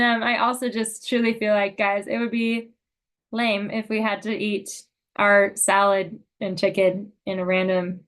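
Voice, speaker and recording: A woman's voice: medium pitch, fairly bright tone. A young woman leading a team meeting on a video call, giving an upbeat, emotional pep talk full of fillers. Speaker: sales unit leader.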